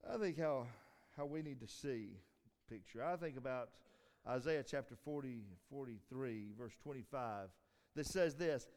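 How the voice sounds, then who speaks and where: A man preaching a sermon who repeats and restarts his phrases, rises to emphatic peaks, then trails off low. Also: a little slow, a little mellow. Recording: long hall reverb.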